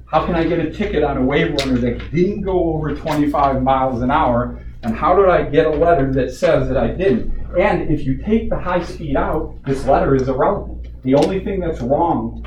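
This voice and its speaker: A man speaks at a moderate pace in a mid-range, darkish voice, a resident making an indignant public comment to a community board and asking question after rhetorical question. Echo, mic distance, a dull sound, and soft hiss mark the recording.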